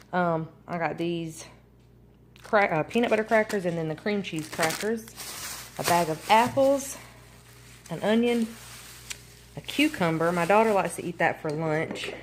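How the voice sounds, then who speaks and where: Chatty mom rambling through a grocery haul. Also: female voice, lowish voice. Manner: chatty, rambling with many ums and likes. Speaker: family vlogger. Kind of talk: casual grocery haul vlog. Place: home kitchen. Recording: noisy home recording.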